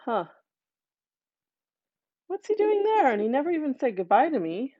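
A woman's voice: high-pitched, sing-song, moderate pace, no echo, narrow, tinny audio, voice pushed up. Woman doing a puzzled, trusting father.

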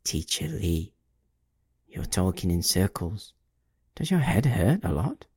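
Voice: low-pitched, big pitch swings, takes it slowly, a little mellow, breathy edge, heavily acted. A man doing a thin, mocking eerie voice. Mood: pitying, mocking. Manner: murmuring, pitying, mocking.

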